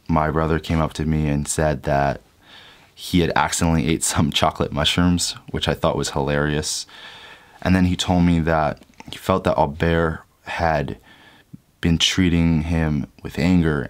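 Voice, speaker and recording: A young man casually and candidly recounting a personal story as a vlogger, his voice trailing softer at the ends of sentences. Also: very deep voice. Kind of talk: reflective storytelling.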